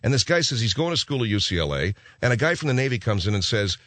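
A man's voice: mid-range voice, very animated, fast, a bit bright. A man hosting a radio talk show, rambling in a casual, offhand monologue full of restarts from a studio.

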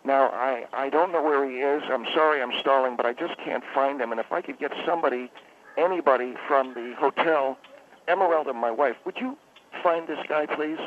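A man's voice: mid-range voice, a little fast, slight background noise. A man calling in as a spa owner on a comedic radio phone-in, rambling, stammering and correcting himself as he talks. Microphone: telephone. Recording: tinny phone line.

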